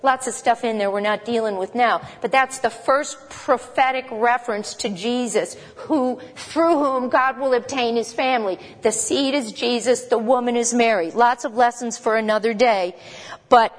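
A woman teaching a Bible lesson in a conversational, emphatic way, with quick asides to her listeners. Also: fairly high pitch, big-room sound.

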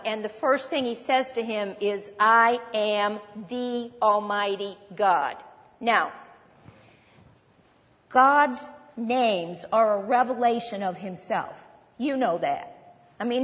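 A woman delivers a sermon, moving between scripture reading and chatty asides to her listeners. Her voice sits a bit high for a woman. It rings out with the long reverb of a large hall. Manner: conversational, with rhetorical questions and asides. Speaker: Bible teacher.

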